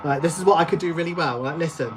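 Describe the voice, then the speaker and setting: A woman's voice: sits low, racing. A young woman, chatting casually in a vlog while making cash envelopes, giggly and joking as she rambles. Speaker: budgeting vlogger. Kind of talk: casual chat while doing a craft task.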